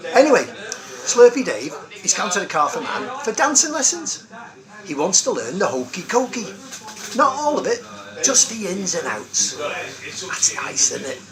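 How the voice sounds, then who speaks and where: Brief: upbeat male comic host, lively singsong voice, noisy pub crowd behind. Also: on the high side. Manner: cheery, rambling one-liner delivery. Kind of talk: joke-telling pub comedy. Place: busy pub.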